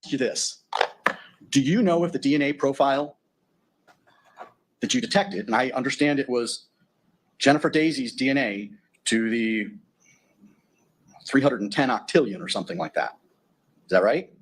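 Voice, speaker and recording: A man's voice: mid-range voice, normal speed, long pauses, breathy edge. A man acting as defense attorney in a courtroom, cross-examining a witness methodically with leading tag questions.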